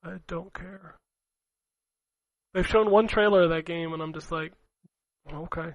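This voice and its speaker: A man's voice: fairly high pitch, steady tone, moderate pace, dry recording, dull audio. A man co-hosting a gaming podcast, rambling and laughing as he swears his way through casual chat. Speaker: podcast co-host.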